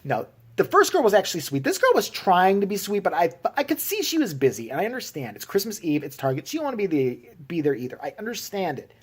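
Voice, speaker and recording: A man's voice: sits high, big pitch swings, quick pace, hardly any pauses, husky. A man from Chicago telling a story in a sarcastic, profane rant for his vlog. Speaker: vlogger. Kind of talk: ranting storytelling.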